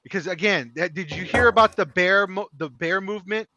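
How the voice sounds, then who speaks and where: With music in the background, a middle-aged podcast co-host rants in a high voice at a slightly fast pace, impassioned, emphatic and swearing as he airs heated opinions. The recording is dry, dull and lo-fi.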